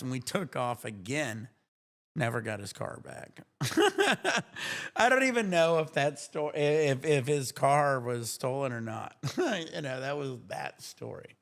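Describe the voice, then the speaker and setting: A man's voice: medium pitch, expressive, unhurried, vocal fry, a bit bright. A middle-aged man from Ohio, a live streamer telling rambling, profane stories in casual chat, often correcting himself. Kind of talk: casual storytelling.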